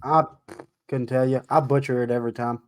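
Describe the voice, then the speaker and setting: A man's voice: mid-range voice, steady tone, fairly quick. A man co-hosting a podcast in casual chat, easygoing and chiming in with short agreements. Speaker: podcast co-host. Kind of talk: casual mock-draft chat.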